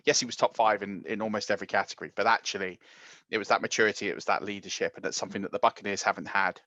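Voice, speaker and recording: A fairly low-voiced man co-hosts a casual sports podcast. He tells stories animatedly, sometimes rushing. The sound is dry and a little muffled, with no room echo. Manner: animated storytelling, quick runs of speech. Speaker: podcast co-host.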